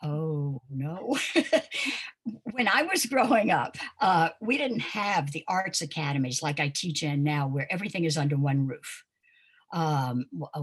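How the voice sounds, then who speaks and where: A woman's voice: sits low, slightly rough. An older woman from Pensacola, a dance teacher, recalling her past in an interview as a guest and telling stories with frequent ums and uhs. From Pensacola, Florida. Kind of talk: reminiscing conversational interview.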